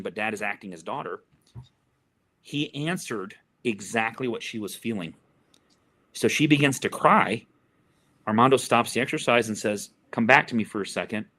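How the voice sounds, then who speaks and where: A middle-aged man with a bright, forceful voice, speaking as a therapist guest in an interview. He tells an earnest story and repeats words as he gropes for the right phrasing. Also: medium pitch. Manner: earnest, repeats words while searching for them.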